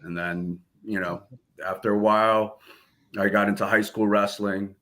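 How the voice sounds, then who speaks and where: Man, New Jersey accent, low voice, bright forceful tone, laid-back storyteller, laughs often. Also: flat delivery, normal speed. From Philippines. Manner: laid-back, laughing, acts out quoted dialogue. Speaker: guest martial arts instructor. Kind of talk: casual storytelling interview.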